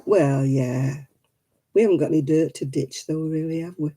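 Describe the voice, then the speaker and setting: A woman's voice: low-pitched, moderate pace, noisy background. A woman hosting a casual craft live stream, chatty and rambling, laughing often.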